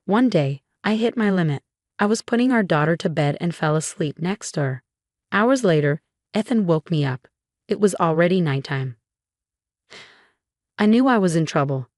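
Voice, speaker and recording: Low-voiced woman narrating a story. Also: moderate pace, pauses often, no echo, studio quality. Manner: even, storytelling read. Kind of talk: first-person story narration.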